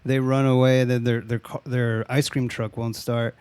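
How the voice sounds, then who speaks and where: A man talks through a film's plot in casual conversation, laughing often and acting out the characters' lines. His voice sits at a middling pitch, recorded dry and close. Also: flat delivery, moderate pace, darkish tone, smooth, dry recording. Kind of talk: casual movie recap chat.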